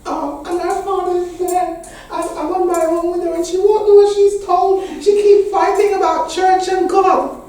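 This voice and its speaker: A woman's voice: very high voice, little pitch movement, moderate pace, mellow, distant mic, voice pushed up. A woman voicing her exasperated older mother, who complains to God about her daughter, in an echoey hall. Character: exasperated older Jamaican mother, fretting prayerfully.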